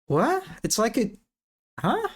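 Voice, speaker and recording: Slow-talking man streaming a game. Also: very high-pitched, wildly swooping pitch. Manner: chatty, giggly asides. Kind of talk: casual live game commentary.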